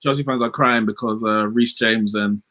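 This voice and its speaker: A man hosting a casual football livestream, animated and slangy, reading out viewer comments. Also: lowish voice, moderate pace. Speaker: host.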